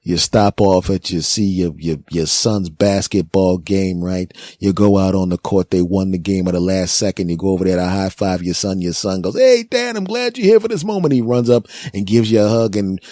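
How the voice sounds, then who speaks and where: A man in his forties hosting a comedic monologue, rambling and animated, often checking in with "right?". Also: low-pitched, normal speed, few pauses, dry recording, clean studio sound. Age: 40s. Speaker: podcast host.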